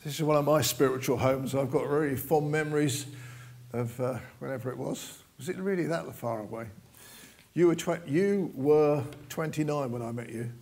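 Older man, informal sermon, church, gravelly voice, joking asides. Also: on the high side, moderate pace, a little mellow. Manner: chatty, jokey, lots of "you know" asides. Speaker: visiting preacher.

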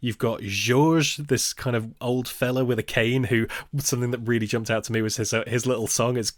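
A man's voice: medium pitch, steady tone, a little fast, no room sound, clean studio sound. Chatty man reviewing films. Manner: chatty, laughs often, jokey asides. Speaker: podcast co-host. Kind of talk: casual film discussion podcast.

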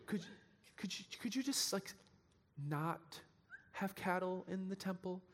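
Preacher doing a timid polite man, hesitant, apologetic, halting, soft-spoken, fairly high-pitched. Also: in a large hall. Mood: meek. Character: timid, overly polite man meekly asking people to stop. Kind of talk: mocking parody within a sermon.

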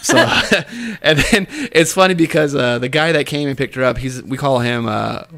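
A man's voice: medium pitch, animated, moderate pace, gravelly, sharp tone. A man, a paramedic co-hosting a podcast, telling work stories in casual chat, swearing often, laughing and acting out what people said. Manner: profane, laughing, acts out quotes.

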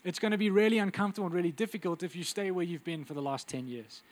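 Intense high-voiced man preaching. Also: rapid-fire. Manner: intense, swings from loud urgency to quiet intimacy. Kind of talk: sermon.

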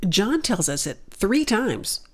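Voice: mid-range voice, sing-song, slow pace, fairly bright tone. A speaker teaching through a Bible passage in conversation, emphatic and dramatic when quoting scripture.

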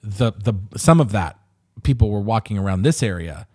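A man in casual conversation, talking animatedly with frequent swearing and quick mock voices. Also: on the low side, animated, darkish tone. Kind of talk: casual chat.

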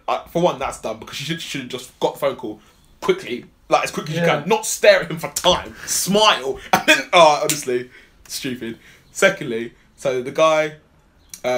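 A man rants his way through a film review on a podcast. He rambles and swears freely as he retells scenes, and his voice sits at an ordinary middle pitch. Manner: rambling, animated, swears a lot. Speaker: podcast co-host. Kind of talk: casual film review chat.

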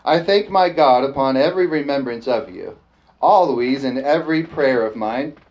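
A man preaching a lively sermon, often calling out "amen?" and joking with the congregation. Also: mid-range voice, moderate pace. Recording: dull lo-fi sound with faint background noise.

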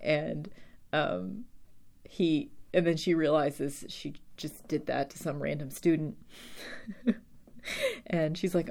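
A young woman with a low voice talks through a show recap in a loose, rambling way. She swears casually and jumps between thoughts. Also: fairly even intonation, slow, vocal fry, pauses often, a little mellow. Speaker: podcast host recapping episodes.

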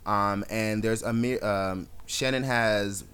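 A young adult man co-hosting a podcast, chatting casually with an animated, sassy storytelling style and frequent laughs. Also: lowish voice, slow, smooth. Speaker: podcast co-host. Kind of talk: casual chat.

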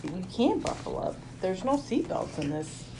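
A woman's voice: on the low side, sing-song, moderate pace, gravelly, mellow, slight background noise. A woman hosting a casual podcast, reading out film reviews and laughing through her own lines. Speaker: podcast host.

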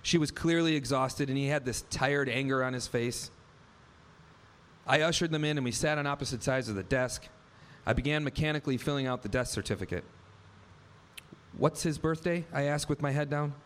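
A man in his thirties tells a personal story live on stage, his voice medium in pitch, fairly bright, and a little quick. He is wry and vivid, acting out the dialogue in his own words.

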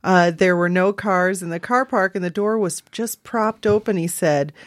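A woman co-hosting a radio show, reading out a quirky news story and laughing along with the host. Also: on the low side. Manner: giggly, reads in a steady measured way. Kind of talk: reading a story aloud with banter.

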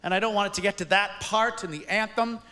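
Speaking fast in a high-pitched, pushed, bright voice, a male comic chuckles his way through a wry, punchy stand-up set at a live taping. Audience laughter and ambience fill the echoey room.

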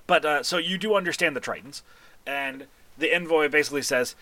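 A man's voice: on the high side, brisk, bright, forceful tone, dry recording. A man running a tabletop game as game master, narrating casually with frequent fillers and laughter. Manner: casual, rambling, laughs often.

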